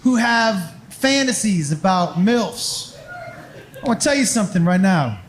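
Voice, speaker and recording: Animated high-voiced stand-up comedian. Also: male voice, a little slow, a little hiss or hum. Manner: animated, mimics voices and sound effects. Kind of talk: stand-up storytelling. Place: live comedy club.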